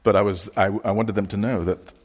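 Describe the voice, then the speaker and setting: A man preaching a sermon in a church hall. He talks in a conversational, halting way, restarting phrases and voicing imagined questions from passers-by. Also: on the low side, steady tone, breathy edge. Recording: long hall reverb.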